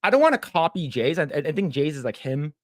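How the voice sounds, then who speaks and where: A man's voice: fairly high pitch, very animated, fast talker, dry recording, clean studio sound. Stammering man reading stream chat. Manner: stammering, repeats words, reads chat aloud. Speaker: podcast co-host. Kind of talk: casual livestream chat.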